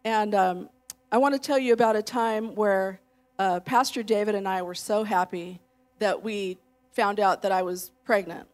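A woman's voice: medium pitch, steady tone, normal speed. A woman in her late fifties preaching a sermon in a conversational way, leading her congregation and telling stories with self-deprecating asides. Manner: warm conversational preaching, leads the congregation in declarations. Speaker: pastor's wife preaching.

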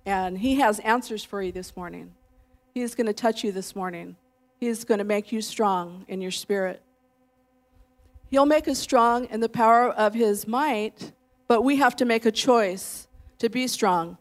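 A woman in her late fifties preaching a sermon in a conversational way, leading her congregation and telling stories with self-deprecating asides. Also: mid-range voice. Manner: warm conversational preaching, leads the congregation in declarations. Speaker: pastor's wife preaching.

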